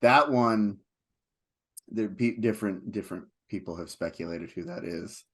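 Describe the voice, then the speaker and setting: A man co-hosting a film podcast, speaking in an unhurried, hesitant way with frequent ums in a casual chat. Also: fairly low pitch, lively intonation, a bit bright. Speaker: podcast co-host.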